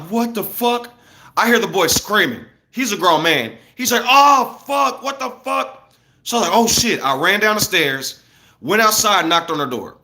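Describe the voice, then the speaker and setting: A man in his thirties telling stories at home on a casual livestream, in an animated, loose and profane way, talking straight to his viewers. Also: fairly high pitch.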